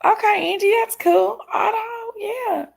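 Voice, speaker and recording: Over a rough recording comes a very high, creaky voice belonging to a middle-aged woman hosting a livestream. She reads viewers' comments aloud in a playful, chatty way, stretching out her exclamations.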